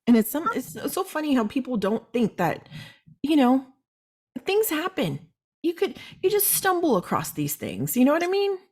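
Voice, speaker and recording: A woman hosting a casual chat, telling stories in an animated, chatty way. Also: high voice, normal speed. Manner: chatty, animated storytelling with laughs. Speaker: host.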